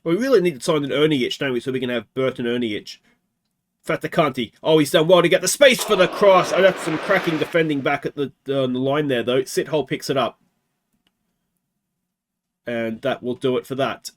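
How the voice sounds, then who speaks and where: Hosting a let's play, this Australian man moves at a brisk clip in a mid-range voice. He chats through a football management game, tossing rhetorical questions at himself along the way.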